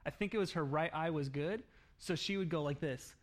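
A man preaching a sermon, telling a story in an animated way with laughs and acted-out quotes. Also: on the high side, fairly quick. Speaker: pastor.

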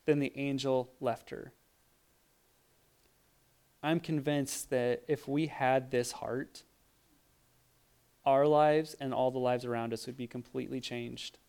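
A man giving a casual sermon, telling lively stories and acting out the voices of people in them, with frequent restarts. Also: mid-range voice, slow pace, creaky, pauses often, clean tone. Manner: animated storytelling, acts out voices, frequent restarts. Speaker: preacher.

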